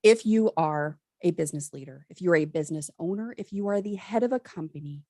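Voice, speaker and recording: A woman's voice: fairly low pitch, animated, a little fast, dark tone, no room sound, clean studio sound. A woman hosting a panel discussion, speaking emphatically and directly.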